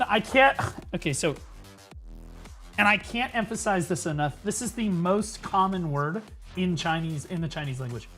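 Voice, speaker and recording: A man chatting casually on a live stream, in a bright, forceful voice. He rambles and restarts his sentences, then breaks out into excited shouting. Faint music plays behind him. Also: high voice. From United States.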